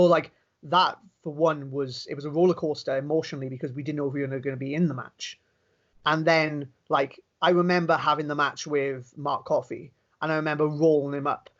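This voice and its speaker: A Welsh man, a professional wrestler, telling stories in a casual interview, animated and quick with many restarts. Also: on the high side, dull audio. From Wales.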